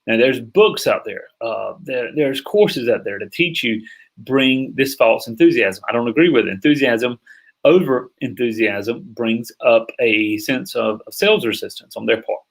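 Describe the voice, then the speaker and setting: A middle-aged man from North Carolina with a slight Southern drawl, teaching sales in a fast, emphatic way and often checking that listeners are following. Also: mid-range voice, gravelly. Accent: Southern American drawl. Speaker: sales coach. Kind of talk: teaching a sales training session.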